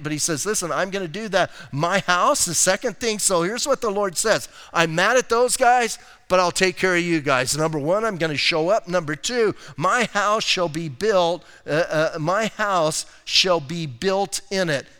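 In a church sanctuary, a male pastor with a fairly high, smooth, resonant and slightly bright voice preaches in an easygoing, conversational way, dropping in slangy asides. A long, hall-like reverb carries the sound.

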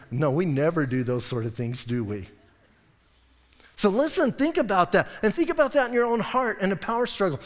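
High-voiced joking male pastor. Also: a little fast. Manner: lively, joking, acts out quoted voices. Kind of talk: sermon. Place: church sanctuary. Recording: long church reverb.

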